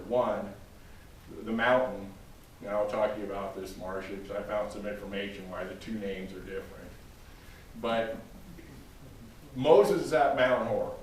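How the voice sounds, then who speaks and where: A man preaching a sermon, speaking emphatically and addressing his congregation directly by name. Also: fairly low pitch. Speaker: pastor. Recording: very echoey room, distant mic, faint noise.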